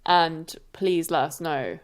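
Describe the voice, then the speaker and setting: A woman co-hosting a podcast in casual chat, reading out a listener's story. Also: low-pitched. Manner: unhurried, reads listener stories aloud. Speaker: podcast co-host.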